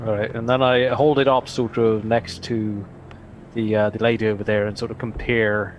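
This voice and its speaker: A man's voice: on the low side, flat delivery, normal speed, lo-fi sound, slight background noise. Casual male tabletop player. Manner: casual, describing actions. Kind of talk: casual tabletop game talk.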